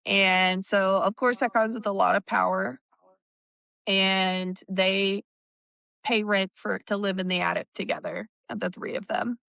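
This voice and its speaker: A woman talks through a book's plot at a slow, unhurried pace, filling pauses with "um" and "like". Her voice is smooth and clear, heard close and dry with no room around it. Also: mid-range voice, steady tone, pushed and bright, no room sound. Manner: unhurried plot recap with many fillers. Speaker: podcast co-host. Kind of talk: book discussion podcast.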